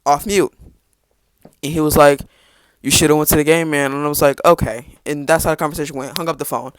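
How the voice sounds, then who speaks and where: A man's voice: on the high side, steady tone, fast talker, clean tone, no echo. A teenage boy telling a rambling personal story on his podcast, with restarts and sarcastic asides. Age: teens. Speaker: podcast host. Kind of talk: casual storytelling.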